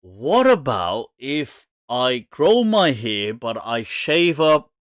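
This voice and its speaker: Man, host, lively swooping pitch, mocking and amused. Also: takes it slowly, no room sound, clean studio sound. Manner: animated, mocking, laughs often. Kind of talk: casual live Q&A talk.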